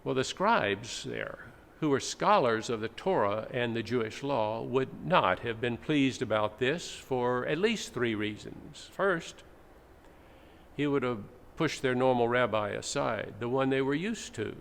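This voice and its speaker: Unhurried and animated, a pastor with a gravelly, slightly bright mid-range voice delivers a teacherly sermon punctuated by dramatic readings. He's preaching in a church sanctuary, and the audio echoes with a faint noise underneath.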